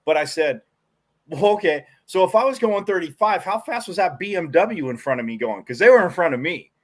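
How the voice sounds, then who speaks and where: A man co-hosts a live sports talk show, and his voice sits a little higher than most men's. He talks in a rambling, animated way, piling up restarts as he tells his stories. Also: a little fast. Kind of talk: casual sports talk commentary.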